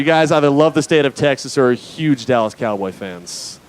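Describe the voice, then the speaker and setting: A young man from Nevada doing a stand-up comedy set on a club stage, mostly deadpan with sudden loud bursts. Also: medium pitch, normal speed.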